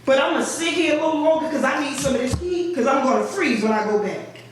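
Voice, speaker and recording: This older woman talks fast in a voice that sits high, addressing a board meeting's public comment as a housing resident. Her tone is impassioned and pleading, and she says things again and again for emphasis. The meeting room echoes heavily, and she's distant amid faint noise.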